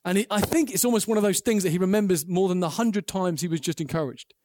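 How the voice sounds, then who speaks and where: A man preaching a sermon, earnest and animated, acting out the quotes in his stories. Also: high voice, fast talker, dry recording, studio quality.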